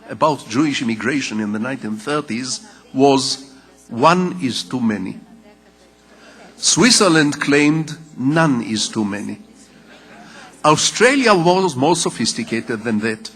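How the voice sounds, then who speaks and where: An older man who grew up speaking Hebrew gives a public lecture in English, telling personal stories in a measured, wry way with deliberate pauses. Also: mid-range voice, a bit bright. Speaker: lecturing novelist. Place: conference hall. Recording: reverberant lecture hall.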